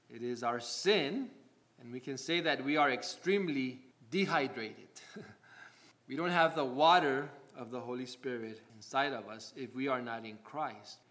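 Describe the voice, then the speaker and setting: A man preaching a sermon as a pastor, who asks his listeners rhetorical questions, adds a quick "right?" and slows down to read scripture aloud. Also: medium pitch, a bit bright.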